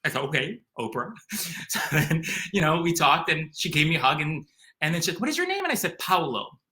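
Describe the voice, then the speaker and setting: A young man from the area, eagerly telling a personal story in an animated way, full of "like" and "um". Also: fairly high pitch, normal speed. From Chicago area. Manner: animated, excitable, uses lots of "like" and "um". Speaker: storyteller guest.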